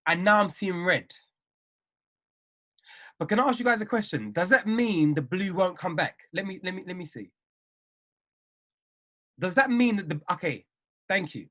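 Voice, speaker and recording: A man coaching traders on a video call, talking in an animated, emphatic way and repeating himself for effect. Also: high voice. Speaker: trading coach.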